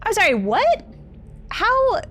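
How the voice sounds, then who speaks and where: A woman's voice: very high voice, huge pitch swings, slow, fairly bright tone, a little hiss or hum. A young woman streaming, reading a horror text game aloud and reacting with yelps, swears and nervous laughs.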